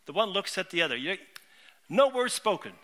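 A middle-aged pastor preaching from the pulpit, earnest and heartfelt, circling back on his words as he tells personal stories. His voice sits high for a man, with a bright, sharp, piercing edge. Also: very animated, fairly quick. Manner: earnest, heartfelt storytelling with frequent word repeats. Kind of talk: sermon.

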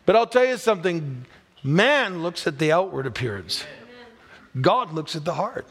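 A man with a high, light voice gives a sermon in a church. He talks to the congregation in a loose, joking way and then lands his points with emphasis. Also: sing-song, normal speed, a bit bright, husky. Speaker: guest preacher. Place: church sanctuary.

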